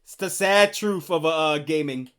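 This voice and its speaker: A man's voice: on the high side, unhurried, a bit bright, clean tone. A male streamer chatting casually, laughing often and rambling loosely.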